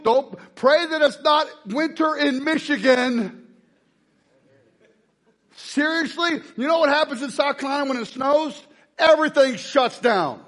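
A man preaching a lively sermon to a congregation, joking and rousing the crowd. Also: very high voice. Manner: joking, energetic, shouts to rouse the crowd. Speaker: pastor.

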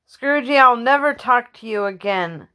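A woman's voice: a little high, lively intonation, measured pace, sharp tone, voice pushed up. A woman playing an upset teenage girl sweetheart.

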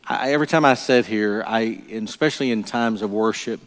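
A man's voice: lowish voice, a little fast. An older male pastor delivering a sermon in an earnest, emphatic way, often repeating his key phrases. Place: church sanctuary. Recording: long reverb of a large church hall.

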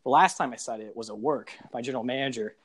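A young man in a laid-back podcast chat. He talks easily and laughs often, with a plain, mid-pitched voice. His delivery stays relaxed and conversational. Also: quick pace, husky. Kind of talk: casual chat.

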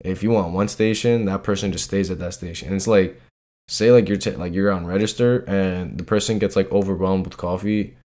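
A man's voice: low voice, fairly even intonation, a little fast, mellow. A young man in casual chat as a podcast co-host, venting about work in slangy, profane talk full of "bro" and "like".

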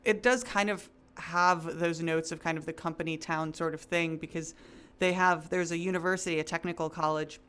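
A woman's voice: on the low side, steady tone, normal speed, a bit bright, smooth. A woman co-hosting a podcast, chatting casually, self-mocking and explaining at length. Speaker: podcast co-host. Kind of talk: casual chat.

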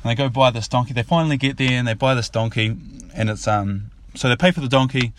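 A man tells a fable as a casual, rambling story. His voice sits at an ordinary middle pitch, and he often repeats himself and circles back as he talks. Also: fairly even intonation, quick pace, no echo. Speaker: father telling a story.

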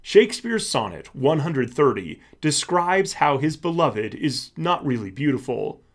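A man reads a scripted educational podcast for children. He speaks slowly and carefully, his pitch moving up and down as he stresses each point. The delivery is clear and instructional. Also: sing-song. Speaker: podcast host. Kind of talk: scripted educational narration for kids.

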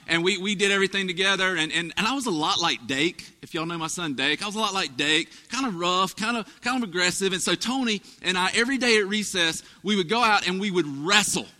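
A male pastor preaches with a high, very bright voice that carries. He tells folksy stories and throws asides to his congregation. His sermon rings out across the long reverb of a large church hall. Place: church sanctuary.

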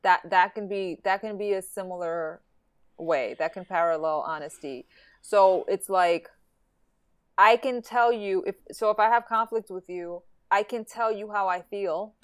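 Woman, podcast co-host, casual chat, reflective, halting, smooth clear voice, dry close sound. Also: medium pitch, dry recording. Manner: reflective, halting, laughs often.

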